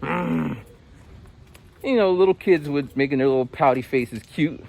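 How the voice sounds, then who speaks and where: A man in his forties, an English teacher, casually telling stories in a vlog and acting out quotes with big jumps in pitch. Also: measured pace, creaky, a little mellow. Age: 40s.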